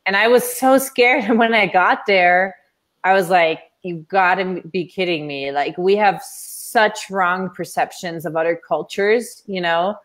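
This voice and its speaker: A woman talking as a guest in a relaxed interview. She tells her stories with animation and slips into little acted-out voices when she quotes people. Her pitch sits in a middle range. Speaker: interview guest, coach and speaker. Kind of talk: casual interview conversation.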